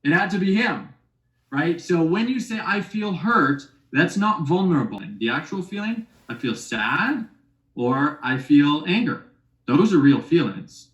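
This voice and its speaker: A man's voice: a little high, big pitch swings, a little slow. A man leading a relationship workshop, talking casually and teasing his audience with rhetorical questions. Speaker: workshop teacher. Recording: echoey room.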